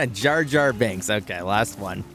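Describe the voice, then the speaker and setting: A man's voice: mid-range voice, animated, very slow, a bit bright, faint music behind. A man streaming a video game, chatting casually with viewers. He giggles often and pokes fun at himself. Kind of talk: casual gameplay commentary.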